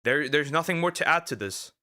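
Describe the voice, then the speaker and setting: A man streaming as a vtuber, talking in casual react commentary, rambling and halting with lots of fillers and restarts and speaking out bluntly. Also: fairly high pitch, lively intonation, bright, forceful tone. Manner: outspoken, ranting.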